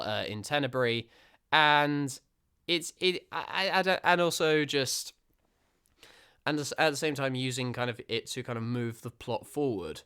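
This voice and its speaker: Excitable, rambling man reacting. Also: on the high side, clear, resonant tone. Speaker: reaction video host. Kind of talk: casual reaction commentary.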